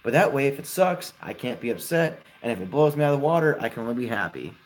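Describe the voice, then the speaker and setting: A man's voice: medium pitch, quick pace. Chatty young man on a live stream. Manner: chatty, relaxed, giving friendly advice. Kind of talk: casual live stream chat answering viewers.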